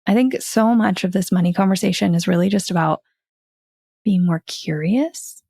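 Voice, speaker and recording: A woman's voice: medium pitch, moderate pace, creaky, mellow, slightly rough, no room sound, studio quality. A woman hosting a podcast, talking in an earnest, reflective and upbeat way. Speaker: podcast host. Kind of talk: casual podcast chat and outro.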